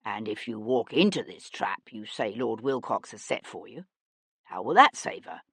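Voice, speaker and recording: A woman voicing a small, calm older magistrate who speaks slowly in a measured, plodding way. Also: very deep voice, creaky, breathy edge, dry recording, pitched below the performer's own voice, full character voice. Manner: slow, measured, even calm.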